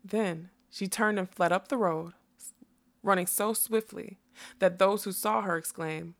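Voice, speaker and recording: Soft-spoken woman reading a story. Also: mid-range voice, fairly even intonation, a little slow. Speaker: narrator. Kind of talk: audiobook narration.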